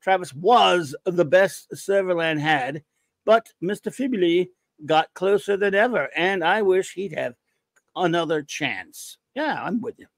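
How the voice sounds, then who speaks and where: An excitable man hosting a podcast, rambling through listener reviews and breaking into jokes and the odd shout. His voice sits a little high for a man. The sound is dry, with no room echo. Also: a little slow, gravelly. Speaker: podcast host. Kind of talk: casual chat reading listener reviews.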